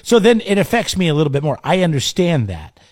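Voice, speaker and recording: Lively-voiced man bantering on radio. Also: a little high, no echo, clean studio sound. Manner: animated, jokey, quick to chime in. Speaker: radio co-host. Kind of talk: casual morning radio chat.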